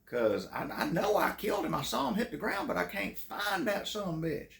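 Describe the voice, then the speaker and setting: A man putting on a high drawling old Southern uncle. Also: very animated, fairly quick, vocal fry, a bit bright, full character voice. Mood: exasperated. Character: blustery old Southern great-uncle, excitable and loud. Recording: echoey room.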